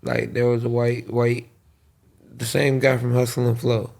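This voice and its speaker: A man's voice: mid-range voice, monotone, measured pace, gravelly, a little mellow. A man on a casual podcast, mostly reacting with short remarks and swearing freely. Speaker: podcast co-host. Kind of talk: casual chat.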